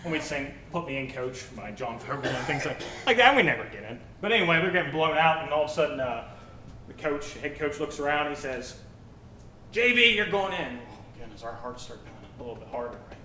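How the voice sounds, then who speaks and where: A young man preaching a sermon with a personal story, animated, acting out quotes and swinging from loud to soft. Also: fast talker. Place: church. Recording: echoey church hall, mic at a distance, faint rumble.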